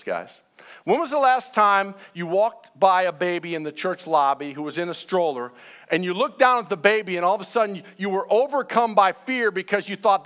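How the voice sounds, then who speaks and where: A man preaching a sermon to his church, mixing joking asides with slow, emphatic preaching. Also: high voice, fairly bright tone. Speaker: pastor.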